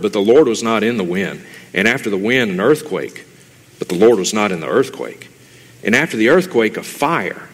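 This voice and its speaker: Man, Bible teacher, lower voice, emphatic and chatty delivery, long room reverb. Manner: emphatic, conversational, addresses listeners as "dear ones". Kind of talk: expository sermon.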